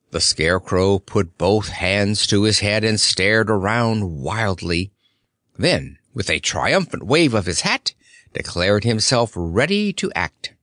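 Slow, expressive male storyteller. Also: on the low side, no echo, clean studio sound. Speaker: audiobook narrator. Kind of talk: storybook reading.

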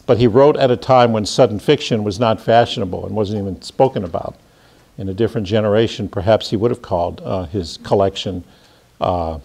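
A man, a creative writing professor, leading a seminar lecture in a halting way, with fillers and restarts. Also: on the low side, vocal fry, darkish tone.

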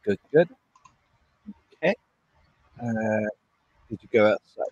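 A man's voice: on the low side, animated, slow pace, a little mellow, no echo, dull audio. A man co-hosting a game playthrough in easygoing, jokey casual chat. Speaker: co-host playing a video game.

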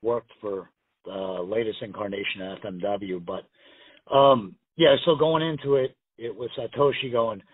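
A man's voice: fairly low pitch, normal speed, breathy edge, no echo. A man guesting on a call-in interview, telling rambling, profane stories full of acted-out quotes. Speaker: guest pro wrestler. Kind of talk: casual storytelling interview. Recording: tinny phone line, dry.

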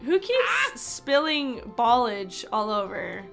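A woman streaming games in casual chat, excitable and exclaiming often, on a desk microphone. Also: a little high, slow, gravelly, soft background music. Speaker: game streamer. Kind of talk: casual gaming livestream chat.

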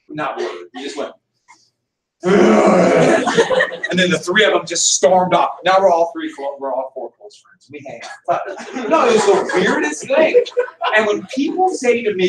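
A middle-aged American man teaching a history class, telling stories in an animated, joking way. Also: sits high, slight background noise. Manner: animated, jokey storyteller with laughs. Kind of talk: classroom lecture with storytelling. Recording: roomy classroom audio from a distance.

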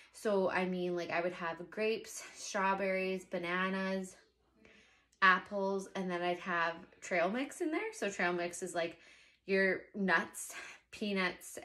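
A young pregnant woman chatting casually to camera as a vlogger, animated and exasperated in her asides. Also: fairly low pitch.

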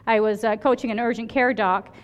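Fast-talking woman lecturing in a hall. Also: a little high, fairly even intonation, slight background noise. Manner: chatty, storytelling, keeps asking "right?". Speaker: emergency physician lecturer. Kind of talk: conference lecture with anecdotes.

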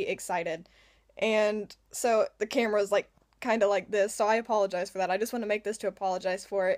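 Her voice a little high and the audio free of room sound, a woman in her late teens from Indiana vlogs casually from a parked car. Holding the phone at arm's length, she chats in a rambling, bubbly manner packed with filler words.

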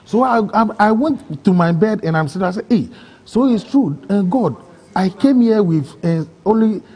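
A man with a Ghanaian English accent, telling his own story in an interview, excitable and acting out other people's words. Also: sits high, normal speed, slightly rough. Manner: excitable, acts out quoted voices, broken phrasing. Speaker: interview guest. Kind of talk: emotional personal storytelling.

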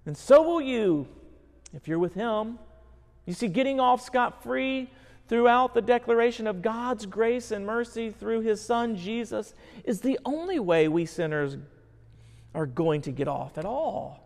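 A man's voice: high voice, expressive, measured pace, creaky. A male pastor preaching a sermon in an earnest, emphatic way. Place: church sanctuary. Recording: long church hall reverb.

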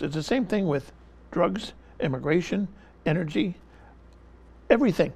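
A man's voice: high voice, expressive, normal speed, vocal fry, darkish tone, husky. A man speaking as an interview guest, giving impassioned political commentary in an emphatic style, pressing the same point again and again and talking over interruptions.

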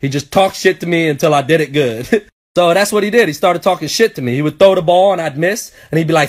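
A man's voice: on the high side, quick pace. A man comedian telling comic stories in a chatty, profane way, often turning to viewers with asides. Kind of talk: comic storytelling.

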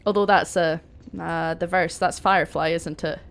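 A woman's voice: fairly low pitch, fairly even intonation, moderate pace. A young woman chatting casually while streaming a game, laughing often and swearing now and then. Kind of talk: casual chat while gaming.

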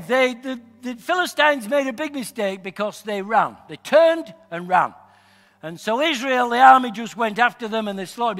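A male pastor from Northern England preaching a sermon in a church hall, emphatic and building to loud, shouted declarations. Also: very high voice. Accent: Northern English. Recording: long hall reverb.

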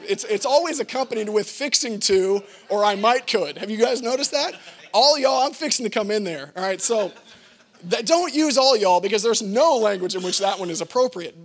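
A man from Texas preaching a sermon, playful and joking as he teaches a grammar point from scripture. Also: high voice. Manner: playful, lively teaching with jokes. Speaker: pastor.

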